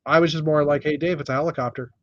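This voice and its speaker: A middle-aged man from North America hosting a casual chat, rambling through a list with many pauses and restarts. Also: a little high, steady tone, a bit bright, muffled recording. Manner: rambling, lots of uh and restarts, shows builds one by one. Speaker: podcast host.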